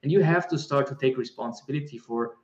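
A man's voice: medium pitch, quick pace, a little mellow, muffled recording. Roomy, thoughtful man searching for words. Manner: searching, many restarts and fillers. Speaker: guest speaker on embodiment. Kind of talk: reflective conversational answer.

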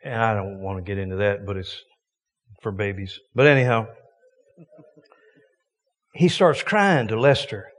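A man's voice: lowish voice, unhurried, pauses often, long reverb tail. A man preaching a sermon as a visiting preacher, folksy and joking with emphatic points.

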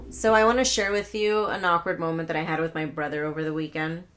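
This young woman's voice is low-pitched and steady, a bit bright, and a little fast. She's hosting a solo podcast, spinning rambling tales with plenty of swearing and laughing asides.

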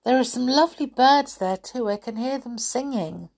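A woman's voice: a little high, lively intonation, moderate pace, a little mellow, pitched above the performer's own voice. Woman as a storybook girl: dreamy, stubborn, pleading. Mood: longing. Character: obstinate, dreamy young girl.

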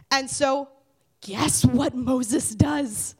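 A young woman giving a casual devotional talk to teens, lively and conversational, swinging from loud to hushed. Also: high voice, moderate pace. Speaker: youth speaker.

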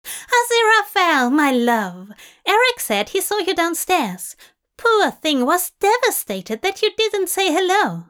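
A woman doing flirty, high, teasing bar-owner Tracy. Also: sing-song, unhurried, a bit bright, exaggerated voice. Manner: breezy, teasing, calls people love.

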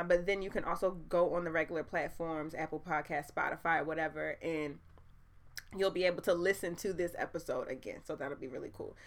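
A young woman hosting her own podcast as a live stream, chatting straight to her audience in an animated way and laughing often. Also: on the low side. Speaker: podcast host. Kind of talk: casual live-stream chat.

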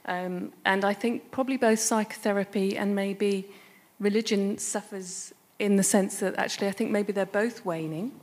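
A woman's voice: medium pitch, fairly even intonation, moderate pace, a little mellow. An English woman in the audience putting a question from the floor, earnest and a little wry. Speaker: audience member asking a question. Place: London event hall.

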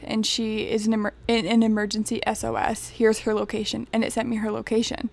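A young woman tells a story as co-host of a chatty podcast. Her voice sits a little high, and she is lively and animated. Her talk is loose and casual, and "like" turns up all the time. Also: fairly quick, creaky, hardly any pauses. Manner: animated storyteller, heavy use of "like". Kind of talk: casual chat.

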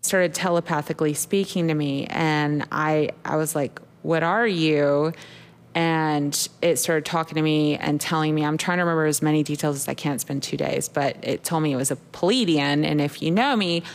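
A young woman with a low voice tells a story in loose, casual podcast chat. She rambles, leans on "like" as a filler, and swears freely without hesitation. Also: a little fast, few pauses. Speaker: podcast co-host.

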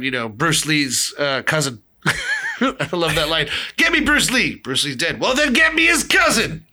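A man hosting a casual chat, animated and swearing, acting out movie lines as he talks. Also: on the high side.

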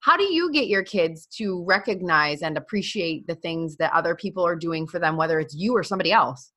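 A woman's voice: lowish voice, animated, sharp tone. A woman co-hosting a podcast, leading segues and chiming in with supportive replies. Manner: supportive listener, brisk host segues. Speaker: podcast co-host. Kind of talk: casual chat.

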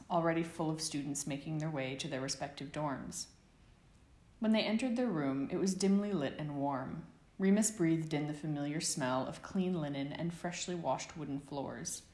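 Casting: woman narrator, deep voice, echoey room, steady audiobook read. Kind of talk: fan fiction reading.

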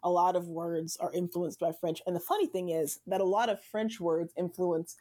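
A woman guest in the Southern United States chats casually, full of fillers and frequent laughter. Her voice is lowish and dark, with a steady tone at normal speed.

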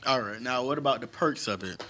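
A man in a relaxed group conversation, talking loosely in street slang. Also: mid-range voice, a little fast. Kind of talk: casual chat.

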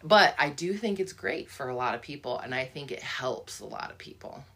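A woman's voice: very deep voice, expressive, normal speed, fairly bright tone, breathy edge. A woman talking through a book in a casual, thoughtful discussion, often restarting her sentences. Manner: thoughtful, musing, many restarts and fillers.

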